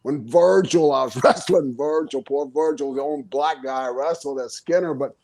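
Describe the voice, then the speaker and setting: A man's voice: on the high side, moderate pace. An older man, a retired wrestler, telling stories in an interview, acting out quotes and laughing often. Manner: animated storyteller, acts out quotes, laughs often. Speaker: guest, retired pro wrestler. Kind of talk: storytelling interview.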